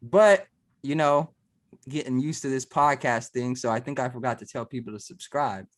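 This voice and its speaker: A man's voice: mid-range voice, normal speed. A man hosting a podcast, arguing his point insistently and repeating himself in casual chat. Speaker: podcast host.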